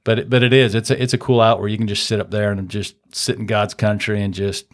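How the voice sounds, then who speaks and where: A man's voice: fairly low pitch, flat delivery, fast talker. A man, a podcast guest and auto shop owner, telling hunting stories in a casual, enthusiastic and rambling way. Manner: outdoorsy hunting talk. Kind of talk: casual storytelling chat.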